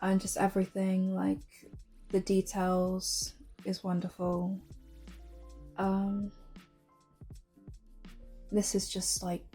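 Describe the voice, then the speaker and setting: A woman's voice: medium pitch, monotone, slow pace, long pauses, dark tone, soft background music. A young woman vlogger chatting casually and gushing over runway looks, full of fillers. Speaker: fashion vlogger.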